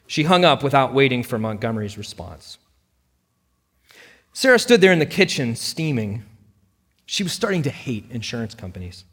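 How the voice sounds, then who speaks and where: A man narrating a dramatic story in a lively reading voice. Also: medium pitch, moderate pace, long pauses, husky, big-room sound.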